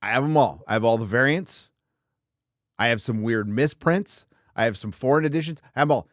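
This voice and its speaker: A man's voice: medium pitch, fairly quick, no room sound, clean studio sound. A man in his fifties from Southern California, hosting a casual livestream chat in a loose, joking, crude manner, often trailing into filler words. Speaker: host.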